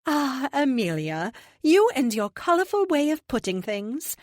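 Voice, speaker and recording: A woman's voice: high-pitched, very animated, measured pace, no echo, studio quality, voice pushed up. A woman voicing a sing-song serene oracle. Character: calm prophetic female oracle, sing-song and gentle. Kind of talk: audiobook character voice.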